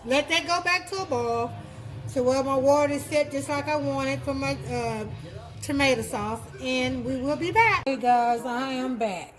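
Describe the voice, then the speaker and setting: A woman's voice: high voice, normal speed, soft background music, rough recording. A woman from Texas, chatting her way through a home cooking demonstration in a kitchen. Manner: chatty, homey, repeats words while explaining. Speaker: cooking vlogger.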